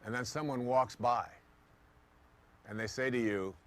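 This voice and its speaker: A man's voice: mid-range voice, a little slow. A man giving a motivational talk, telling stories and acting out the thoughts of the people in them. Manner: storytelling, acting out quoted thoughts in lively voices. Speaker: motivational speaker.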